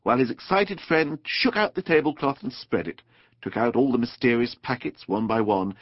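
A man narrating a children's storybook audiobook in an expressive, playful, animated way. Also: mid-range voice, normal speed, no room sound. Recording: dull dry studio recording.

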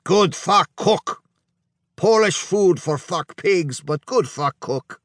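A man's voice: fairly high pitch, creaky, dry recording, studio quality, pitched above the performer's own voice, full character voice. A man voicing a burly, drunk male Hungarian gangster who talks in blunt, crude, broken phrases. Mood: boorish, loud. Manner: loud, slow and bellowing.

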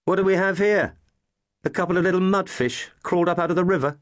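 A man's voice: high voice, fast, pitched above the performer's own voice, natural voice. A man voicing a cocky fourteen-year-old bully who mocks two younger boys. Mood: mocking. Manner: mocking, sneering. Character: cocky teenage bully, older boy.

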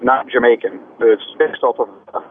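A man's voice: medium pitch, a little hiss or hum. Male caller on a tinny phone line. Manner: quick, apologetic correcting.

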